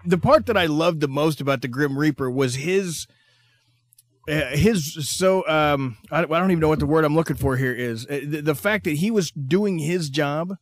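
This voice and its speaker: A man's voice: a little high, moderate pace, no room sound, clean studio sound. A man hosting a radio interview, talking like an eager fan who fumbles for his words. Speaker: radio show host. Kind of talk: casual interview chat.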